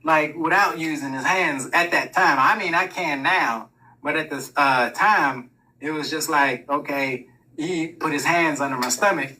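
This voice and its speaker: A man's voice: on the high side, sharp tone, distant mic, low-quality recording. A man telling a personal story in a casual, rambling monologue, full of swearing. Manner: profane, rambling, laughs through his own story.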